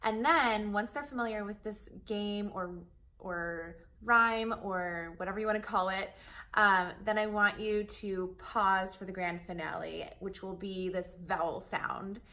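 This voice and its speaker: A woman's voice: medium pitch, measured pace, sharp tone. A woman hosting a parenting lesson, explaining in a friendly, reassuring way. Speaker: host.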